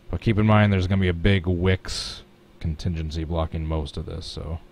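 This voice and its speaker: Streaming live, a man with a low, slightly mellow voice chats casually and pokes fun at himself while painting a race truck on his computer. He thinks aloud through each step as he works, with slight background noise.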